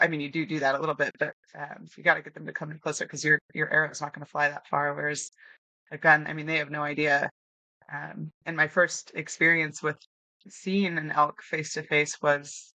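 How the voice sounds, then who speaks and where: A young woman guest telling lively stories in a casual interview, acting out quotes and laughing often. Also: low-pitched, no room sound. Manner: animated storyteller, acts out quotes, laughs often. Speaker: podcast guest, new hunter.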